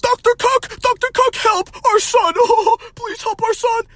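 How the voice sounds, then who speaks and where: Guy putting on a squeaky freaked-out boomer mom voice, way up high, loud and frantic. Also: fairly even intonation, unhurried. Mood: panicked. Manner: panicked, falsetto squeal. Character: frantic shrieking boomer mom, middle-aged.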